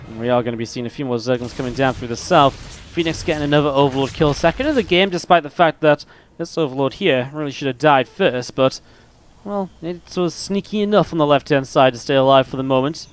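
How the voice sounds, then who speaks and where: Between play-by-play calls in a solo cast of a video game match, the streamer chats loosely with his chat, rambling and laughing at stories he tells. He talks a little fast at a medium pitch, and faint music sits behind him.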